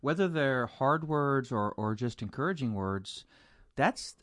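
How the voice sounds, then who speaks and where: A male pastor chatting casually, animated and expressive as he tells stories. His pitch moves around a lot, with many rises and falls. The sound is dry and close, with no room echo. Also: unhurried. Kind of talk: casual podcast conversation.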